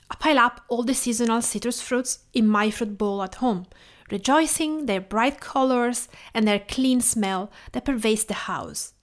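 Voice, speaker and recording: Italian woman hosting a cooking podcast. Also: fairly high pitch. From Tuscany, Italy. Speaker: podcast host and home cook. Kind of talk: scripted podcast narration.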